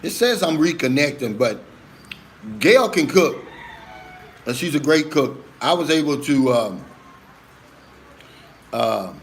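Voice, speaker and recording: A man's voice: on the high side, big pitch swings, slow, long pauses, slight background noise. A middle-aged man hosting a casual live stream, reading viewer comments aloud and answering them in an earnest, emphatic way, often calling viewers "man" and "brother".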